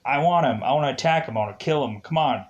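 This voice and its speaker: A man putting on a taunting brute soldier who mockingly demands a prize in a quick voice. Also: medium pitch, muffled recording, close to an everyday voice.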